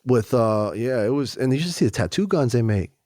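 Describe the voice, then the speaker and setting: A man telling his story in a candid, animated conversational way, often slipping in "you know" and "man". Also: mid-range voice, a little fast, no echo, clean studio sound. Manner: animated, acts out other voices, frequent "you know" and "man". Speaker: guest.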